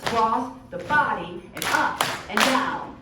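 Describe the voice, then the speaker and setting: A woman music educator leading an interactive workshop, calling out prompts and cues to a group in a lively, encouraging way. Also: fairly high pitch, slow, very noisy. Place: large conference workshop room. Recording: echoey hall from far off, with drumming. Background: hand drums and group playing.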